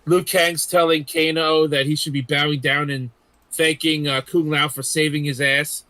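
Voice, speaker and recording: A man's voice: fairly high pitch, little pitch movement, normal speed, bright, forceful tone, no echo. A man hosting a casual group chat, swearing freely and retelling scenes with animation. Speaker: podcast host.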